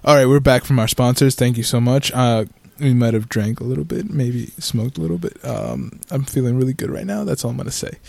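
Gravelly laid-back podcast co-host. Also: male voice, mid-range voice, a little fast, few pauses, darkish tone, dry recording. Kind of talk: casual chat.

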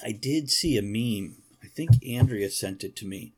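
Animated man chatting casually. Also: lowish voice, moderate pace, noisy background. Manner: joking, animated, laughs often. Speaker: co-host. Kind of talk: casual chat.

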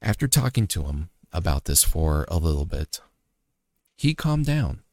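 A man with a very low voice gives an earnest, reflective motivational faith talk. He tells a personal story as a father and circles back over his points. The sound is close and dry, with no room echo. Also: very animated, unhurried, a little mellow.

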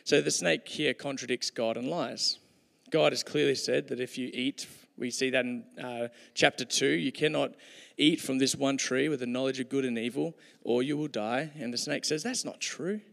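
A man's voice: mid-range voice, fairly even intonation, normal speed, vocal fry, a bit bright. A man preaching a sermon in a conversational way, with joking asides to his listeners, in a church hall. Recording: hall reverb.

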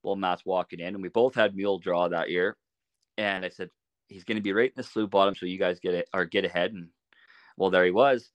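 Low-voiced man telling a hunting story. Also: fairly quick, no echo. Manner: relaxed, laughs while telling stories. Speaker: podcast guest, archery shop owner. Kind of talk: casual storytelling.

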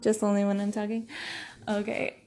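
A woman's voice: medium pitch, monotone, normal speed, warm tone. A young woman hosting a solo podcast, chatting casually and rambling with laughs as she tells stories about her day as a stay-at-home mom. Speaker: podcast host.

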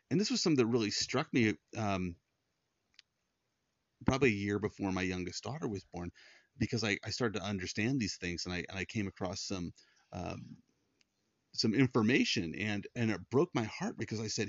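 A man's voice: fairly low pitch, lively intonation, moderate pace, dry recording. A middle-aged man speaking in an earnest personal monologue as a Christian podcast host, often repeating words and restarting when moved. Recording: dull, dry lo-fi sound.

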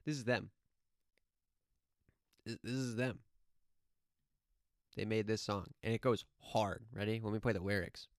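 A man's voice: lowish voice, measured pace, pauses often, no echo. A man talking casually and rambling, often laughing and swearing while he tells a story. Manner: rambling, laughing, profane, animated.

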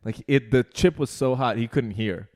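A man's voice: medium pitch, normal speed. A young adult man in a casual chat, telling a story in a loose, profane way with lots of "like". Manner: animated, profane storytelling, heavy use of "like".

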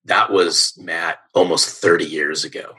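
A man's voice: low voice, steady tone, measured pace, pushed and bright, husky, rough recording. A middle-aged man, a sales coach guest on a podcast, telling stories with energy and emphasis and often asking "right?". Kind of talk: podcast interview storytelling.

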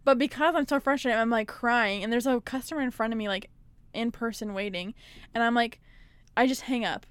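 A young woman with a smooth, slightly high voice, telling a frustrated story in earnest. She is a podcast co-host and sounds close and dry. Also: brisk, dry recording. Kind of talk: casual chat.

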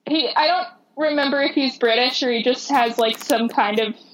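A woman's voice: high voice, normal speed, rough recording. A woman casually discussing movies, chatty, laughing often and restarting her sentences.

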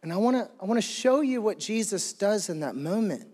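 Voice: medium pitch, expressive, brisk, darkish tone. A pastor preaching an earnest sermon, often repeating and restarting phrases for emphasis. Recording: long hall reverb.

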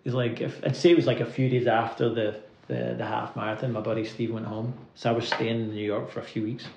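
Gravelly Scottish man telling stories. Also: medium pitch, little pitch movement, darkish tone, slight background noise. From Scotland. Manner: rambling anecdotes full of "like" fillers, quick to laugh. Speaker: guest musician. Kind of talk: casual storytelling interview. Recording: roomy, slightly dull recording.

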